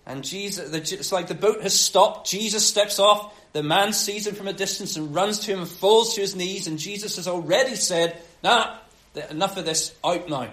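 A man preaching a sermon, telling the story with animated acted-out quotes. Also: high voice, normal speed, hardly any pauses. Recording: roomy echo.

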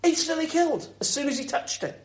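High-voiced preacher in echoey room. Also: male voice, fairly quick. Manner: lively, conversational, thinks aloud with rhetorical questions. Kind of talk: Christmas Day sermon.

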